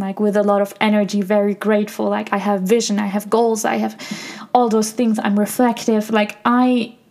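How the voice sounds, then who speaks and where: A young woman hosting her own podcast, talking reflectively and softly in a personal monologue, with many fillers like "like". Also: mid-range voice. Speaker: podcast host.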